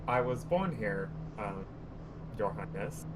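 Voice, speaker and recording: A man's voice: lowish voice, expressive, slow, recorded from a distance, background noise. A man voicing a polite young horned tiefling, a noble's grandson, answering in short, reserved replies.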